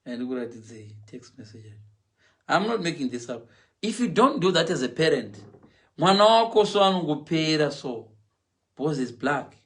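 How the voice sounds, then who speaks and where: A middle-aged man from Zimbabwe with a Zimbabwean English accent, telling comic stories on a livestream in an animated way, mimicking other people's voices and laughing along. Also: on the high side, moderate pace. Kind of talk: animated comic storytelling, switching between Shona and English.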